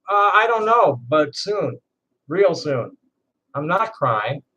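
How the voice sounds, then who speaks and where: A trans woman in her sixties ranting to camera in a profane, defiant, bitter way, halting and repeating words with laughing asides. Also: on the low side, lively intonation, a bit bright, poor audio. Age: 60s. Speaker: vlogger. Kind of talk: unscripted rant to camera.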